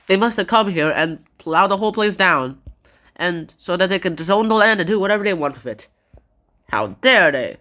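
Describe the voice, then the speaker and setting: Playful female narrator for a casual book recap; low-ish, animated delivery. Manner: chatty, playful, acts out dialogue. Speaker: book summarizer. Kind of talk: casual spoken book summary.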